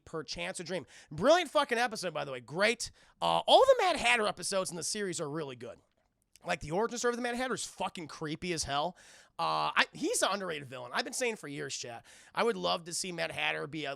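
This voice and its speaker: Gravelly, excitable male streamer. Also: sits high, no room sound, studio quality. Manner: excitable, profane, addresses the chat. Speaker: streamer and show reviewer. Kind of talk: casual live-stream commentary.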